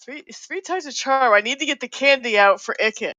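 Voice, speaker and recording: A woman playing a tabletop game, excitable and giggly. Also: sits high, fairly quick, no room sound, dull audio. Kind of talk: casual game chat.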